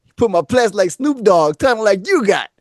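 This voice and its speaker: Man voicing a laid-back fifty-something guy, friendly drawl, raised pitch, soft. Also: sing-song, normal speed, no echo, clean studio sound.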